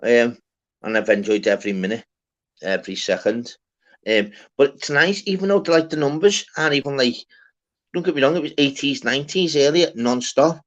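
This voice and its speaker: A young man from Liverpool, England, with a Scouse accent, hosts a live online panel in casual chat, speaking at a normal speed and medium pitch. He rambles and swears, often asking "do you get me." The online call audio is slightly muffled.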